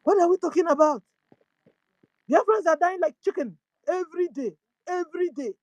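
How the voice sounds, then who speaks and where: A woman's voice: extremely high pitch, moderate pace, darkish tone, dry recording, dull audio. A woman with a Nigerian accent hosting her own channel, pleading in impassioned commentary full of rhetorical questions and lines in Igbo. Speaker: channel host.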